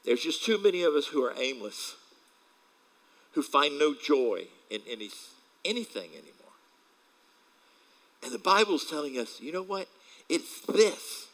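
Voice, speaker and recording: A man's voice: on the high side, very animated, a little slow, pauses often, a bit bright, low-quality recording. A male pastor preaching a casual sermon, telling stories with acted quotes and laughing along as he talks.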